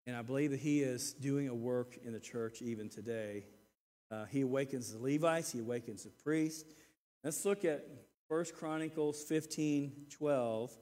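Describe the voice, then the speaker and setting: A man in his sixties preaching a sermon, earnest and repeating words, swinging between loud emphasis and quiet asides. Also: medium pitch, moderate pace. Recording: reverberant church hall.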